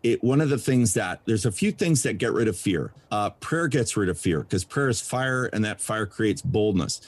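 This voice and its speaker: A man's voice: on the low side, animated, normal speed, no room sound. A pastor and traveling preacher talking on a podcast about his approach to evangelism, emphatic and preachy, building rhythm with repeated phrases. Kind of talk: podcast conversation.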